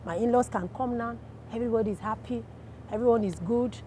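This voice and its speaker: A woman with a Nigerian accent giving a casual testimony, telling her story in a lively way and acting out the voices of the people in it. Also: on the high side, fast talker, slight background noise. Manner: animated storyteller, acts out quoted voices.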